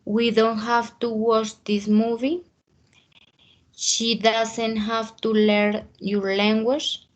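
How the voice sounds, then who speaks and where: Woman reading aloud very slowly. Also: a little high, little pitch movement, muffled recording. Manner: slow, careful, halting reading. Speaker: student.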